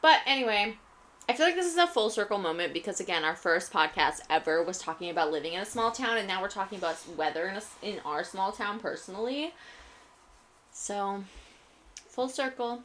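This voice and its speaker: A woman's voice: medium pitch, expressive, brisk, a bit bright, slight background noise. A woman in her thirties from Michigan's Upper Peninsula, co-hosting a casual podcast and telling rambling stories. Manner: chatty, rambling storyteller. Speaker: podcast co-host. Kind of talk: casual chat. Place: small home studio room.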